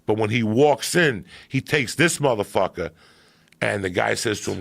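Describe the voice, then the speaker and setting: A man on a podcast, telling a story in a profane, animated way that swings from hushed and low to loud and excited. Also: normal speed, gravelly, dry recording. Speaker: podcast guest.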